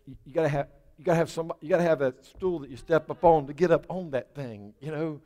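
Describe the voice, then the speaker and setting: A man's voice: fairly high pitch, quick pace, warm tone. A man preaching a sermon as pastor, folksy and conversational, building to fervent prayer. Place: church sanctuary. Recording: church hall reverb.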